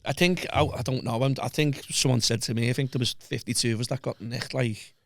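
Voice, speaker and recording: A man's voice: medium pitch, fairly even intonation, a little fast, creaky, a little hiss or hum. A man with a Liverpool accent, a podcast guest telling a story in casual chat, swearing constantly and acting out the voices of people he quotes.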